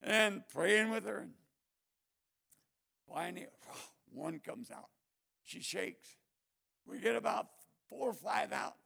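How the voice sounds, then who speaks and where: An older male preacher tells sermon stories in a heavily gravelly voice pitched fairly high for a man. His delivery is animated, dropping to quiet asides and then rising into loud bursts. The tone is husky and rough. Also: takes it slowly, long pauses. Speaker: missionary preacher. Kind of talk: storytelling sermon.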